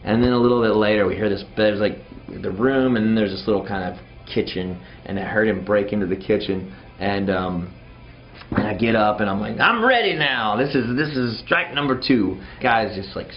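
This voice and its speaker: A man's voice: fairly low pitch, fairly quick, dull audio, soft background music. A man from Texas, a touring band member, telling a road story animatedly with lots of fillers. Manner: animated, full of fillers, acts out the scene.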